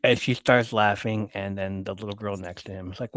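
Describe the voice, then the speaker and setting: Hosting a live podcast, a man casually reads viewer chat messages aloud and laughs often. His voice is lowish and a bit bright, with a steady tone and fairly quick pace, and there's no echo.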